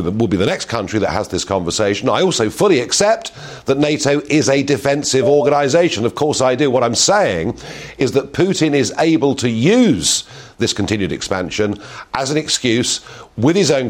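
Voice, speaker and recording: A middle-aged man hosting an opinionated talk show, asking emphatic rhetorical questions. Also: mid-range voice. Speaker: host.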